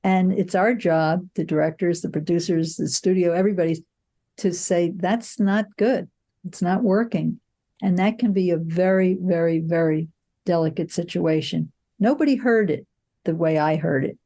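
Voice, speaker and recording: Older female producer; low, mellow, thoughtful storyteller. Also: moderate pace. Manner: reflective storytelling, frequent "you know" and restarts. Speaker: film producer, guest. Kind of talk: candid interview answers.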